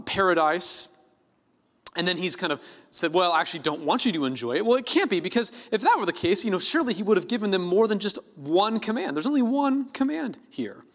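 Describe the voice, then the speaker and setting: Male pastor, easygoing sermon delivery, expressive intonation, recorded in a reverberant church hall. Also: high-pitched. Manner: conversational, lively preaching with light laughs and self-corrections.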